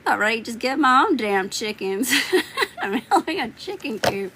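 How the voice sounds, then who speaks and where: A woman's voice: a little high, big pitch swings, unhurried, background noise. A woman hosting a tarot livestream, chatting casually, joking, swearing freely and laughing often. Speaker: tarot reader livestream host.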